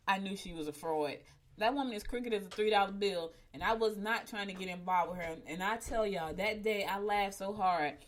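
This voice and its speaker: Chatty woman telling a story. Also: mid-range voice. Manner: chatty, addresses listeners as y'all, laughs while telling. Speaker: show host. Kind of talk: casual storytelling to viewers.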